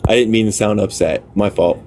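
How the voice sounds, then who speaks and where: A man hosting a livestream, reading a book aloud in a casual, halting way, stopping to puzzle over words and talking offhand to viewers. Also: fairly low pitch, warm tone, a little hiss or hum. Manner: talks to viewers offhand, apologetic. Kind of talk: casual live reading with chat asides.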